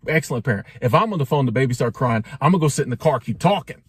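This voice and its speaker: A man talks through his opinions in a sassy, wisecracking way, his voice sitting a little high. The sound is dry and close. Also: racing, few pauses, husky, no room sound. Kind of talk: casual opinion monologue.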